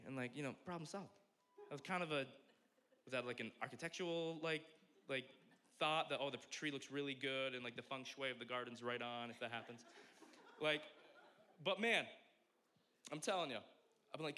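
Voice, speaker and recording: Preaching as a pastor, this young man talks briskly at a medium pitch. His delivery is playful and lively, jumping from booming outbursts to hushed side remarks.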